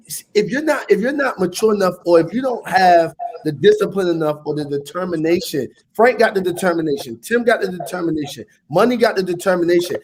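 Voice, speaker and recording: A man guest in a casual group discussion, arguing emphatically and repeating his points. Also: high voice. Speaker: panel guest.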